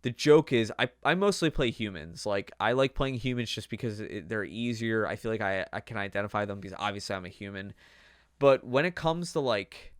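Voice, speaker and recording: A young man hosts a podcast, rambling casually with plenty of filler words. His voice is lowish, animated and fairly quick, recorded in studio quality with no echo.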